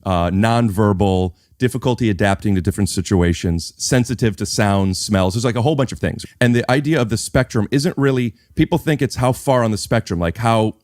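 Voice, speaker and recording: Brief: male podcast guest, lowish voice, calm matter-of-fact explainer, dry close sound. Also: a little fast, few pauses, dry recording. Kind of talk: casual explaining.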